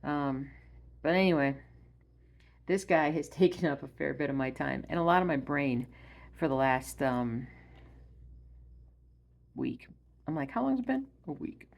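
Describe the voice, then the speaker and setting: A woman vlogging casually at home about stitching. She rambles with many ums and uhs and often drops to a soft murmur. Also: sits low, a little slow, vocal fry, long pauses. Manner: soft-spoken, drops to a murmur when addressing her dog. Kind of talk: casual chat. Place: at home by her stitching spot.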